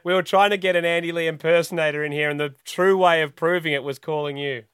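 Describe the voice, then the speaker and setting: A man's voice: on the high side, fairly even intonation, fast talker, noisy background. An Australian man hosting a radio show, chatting casually and laughing between lines in a studio. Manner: laughing, joking. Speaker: radio host.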